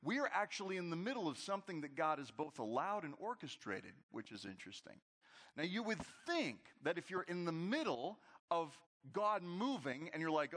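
A pastor preaching a conversational, animated sermon to his congregation in a large church. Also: fairly high pitch, moderate pace. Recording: long hall reverb.

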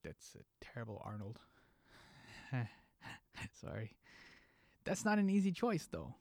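A man hosting a podcast, delivering a scripted monologue with a playful, joking lilt. His voice sits in an ordinary middle pitch. The sound is close and dead dry, with no room around it. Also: very animated, slow pace, vocal fry, no echo. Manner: playful, jokey delivery with pop-culture asides. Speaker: podcast host.

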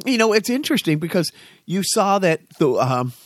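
A podcast host, an American man, talks in a rambling, joking way, full of swearing and stammered restarts. His voice is a bit higher than most men's and swoops up and down a lot. The sound is close and dry. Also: sing-song, normal speed, dry recording. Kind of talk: casual chat.

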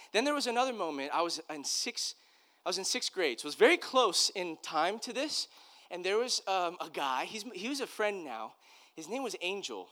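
A man's voice: sits high, sharp tone. A man, a pastor, giving a conversational sermon, telling personal stories in an earnest, loose way with restarts.

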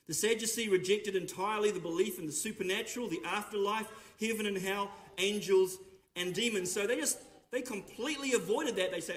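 A man's voice: high-pitched, a little fast. A man preaching a sermon in an earnest, emphatic way, often putting rhetorical questions to his listeners.

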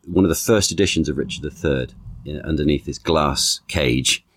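An actor and author talking as a podcast guest, thoughtful, stacking analogies, often restarting with "you know". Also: male voice, rumbling low, normal speed. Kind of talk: conversational interview.

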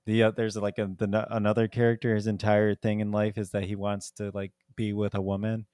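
A male podcast co-host speaks fairly quickly in a lowish, monotone voice that is clear, resonant, and a little mellow. He rambles casually about a movie with many "like"s and frequent laughter, in an echo-free studio recording.

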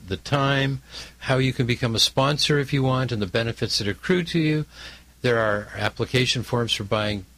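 A Canadian-accented man speaking as a guest on a radio show. He lays out details in a steady, measured way, with a pitch in the middle range. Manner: measured, informative. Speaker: guest, foundation representative. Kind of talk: radio interview.

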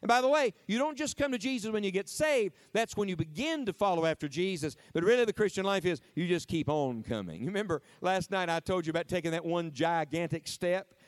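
A middle-aged man preaches with a high, ringing voice, drawing the crowd into call-and-response. He stretches key words out slowly for emphasis. The sound is dry and close, with little room echo. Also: lively intonation. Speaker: preacher at a camp meeting. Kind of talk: lively interactive sermon.

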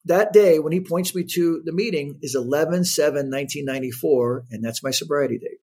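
Man, fifties, husky voice, a bit high, animated storyteller, acts out quotes, interview guest. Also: fairly quick.

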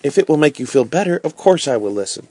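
A man reading a storybook aloud, voicing a kind and earnest young woman in a soft, pleading tone. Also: a little high, animated, quick pace, husky, pitched above the performer's own voice.

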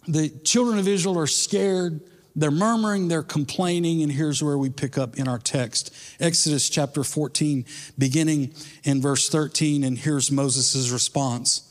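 Casual preaching man in a reverberant hall. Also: fairly high pitch. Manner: casual, conversational preaching with slang. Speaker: pastor. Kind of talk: sermon. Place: church sanctuary.

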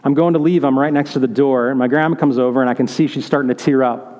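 A man's voice: medium pitch, steady tone, fast, a little mellow. A man pastor giving a conversational sermon, telling stories and asking the congregation questions. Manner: conversational, storytelling, asks questions. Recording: reverberant hall.

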